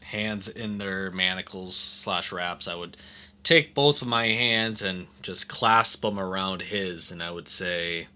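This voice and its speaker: A man playing in a tabletop game, describing his actions slowly and hesitantly. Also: sits low, sharp tone, clear, resonant tone. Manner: slow and hesitant, many fillers. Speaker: player. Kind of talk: tabletop role-play, in character.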